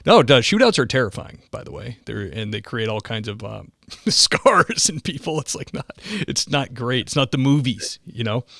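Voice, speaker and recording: A man's voice: mid-range voice, lively intonation, normal speed, gravelly, sharp tone, dry recording, studio quality. A man hosting a podcast, chatting casually and loosely with lots of fillers. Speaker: podcast host. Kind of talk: casual interview talk.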